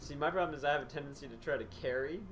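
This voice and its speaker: A man's voice: a little high, rapid-fire, a bit bright. A man with a Canadian accent casting a video game tournament in a jokey, laughing way. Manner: jokey, laughs a lot, puts on silly voices. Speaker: esports caster. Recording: faint background noise.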